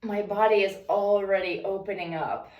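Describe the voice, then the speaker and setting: A woman talking calmly and breathily while she stretches and breathes, walking through her routine in a room at home. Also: mid-range voice, normal speed, recorded from a distance, muffled recording. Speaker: vlogger leading a stretching routine. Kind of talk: casual narrated stretching session. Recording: echoey room, away from the mic.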